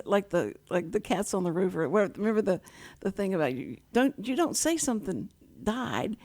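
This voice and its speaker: A woman's voice: medium pitch, fairly quick, few pauses. A middle-aged woman, a sign language interpreter, telling stories in casual chat and acting out quoted voices with laughter. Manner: animated, acts out quotes with laughter.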